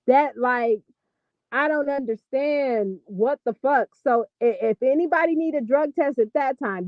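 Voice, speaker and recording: A woman giving casual gossip commentary on a vlog, talking in an animated, profane, exasperated ramble. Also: a little high, no room sound, lo-fi sound. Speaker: vlogger.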